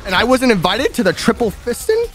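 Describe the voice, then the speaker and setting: A young man with a high, lively voice trading crude jokes over a game session. He giggles constantly and keeps the banter loose and playful, with faint game music underneath. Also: a little fast. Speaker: gaming channel host. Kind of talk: casual gaming banter.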